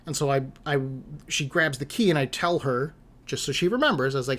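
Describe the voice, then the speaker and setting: A man with a middle-pitched voice tells a long, meandering story in a casual chat. He sounds exasperated and a little self-deprecating as he stacks up one mishap after another. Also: lively intonation, fairly quick, fairly bright tone. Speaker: streamer telling a story.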